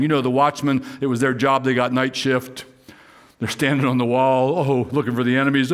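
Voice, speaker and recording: Guy preaching in a church, chatty and joking, gets big and high when he reads the verses. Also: fairly quick. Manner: rises high and loud when reading scripture, voices imagined speakers; conversational asides with humor. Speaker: pastor. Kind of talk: sermon.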